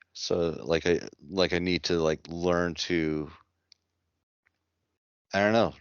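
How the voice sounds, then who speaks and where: A man's voice: low voice, no echo. A man co-hosting a podcast in casual chat, easygoing and hesitant with many fillers. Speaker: podcast co-host. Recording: dry muffled lo-fi audio.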